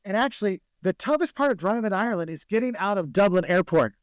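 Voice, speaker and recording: A man's voice: high-pitched, animated, fast talker, no room sound. A man, a travel video creator guest in a casual podcast interview, telling stories and acting out the people he quotes.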